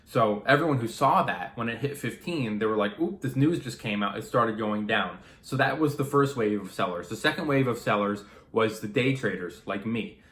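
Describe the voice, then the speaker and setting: A man, a day trader, casually explaining to camera how stocks rise and fall, animated and acting out a trader's thoughts, with some swearing. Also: lowish voice, moderate pace, few pauses, reverberant.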